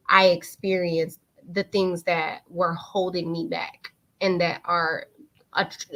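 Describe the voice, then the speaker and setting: A woman, hosting a live online talk and candidly telling a personal story in casual speech. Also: lowish voice. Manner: candid, animated, swings into lively quoted voices.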